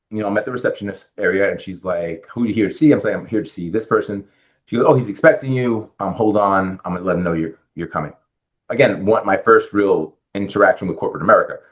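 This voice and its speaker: A middle-aged man with a fairly low voice. He tells his story as a podcast guest in a lively way, acting out the voices of the people he met. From Bronx, New York. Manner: animated storyteller acting out quoted dialogue. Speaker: guest, real estate lender.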